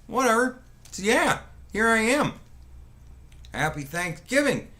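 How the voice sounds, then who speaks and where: A man's voice: high-pitched, big pitch swings, a little slow, sharp tone. A man hosting a casual live stream, rambling and swearing, greeting viewers by name and poking fun at people with mocking impressions. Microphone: webcam setup with mic.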